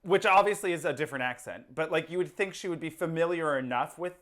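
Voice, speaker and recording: A woman co-hosting a casual movie review chat, with a fairly low voice for a woman. She talks in a relaxed way, laughing along and thinking her points through out loud. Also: fast talker. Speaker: podcast co-host, movie reviewer.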